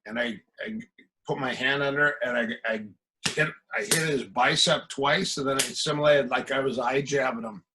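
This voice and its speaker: Animated man telling martial arts stories. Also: mid-range voice, moderate pace, noisy background. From American Midwest. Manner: animated anecdotes, acting out quoted exchanges. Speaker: guest, martial arts coach. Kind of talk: casual storytelling.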